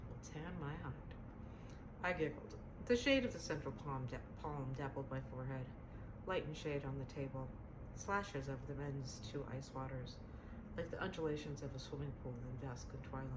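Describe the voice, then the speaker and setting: Very deep-voiced woman reading fiction. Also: noisy background. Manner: calm, measured, wry narration. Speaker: author reading her own novel. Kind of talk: audiobook-style fiction reading.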